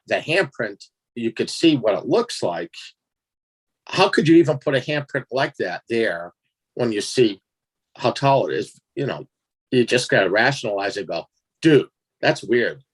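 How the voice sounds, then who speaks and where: A man telling a strange personal story in a casual interview, animated and laughing as he acts out his own reactions. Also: fairly low pitch, normal speed, husky. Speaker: guest storyteller.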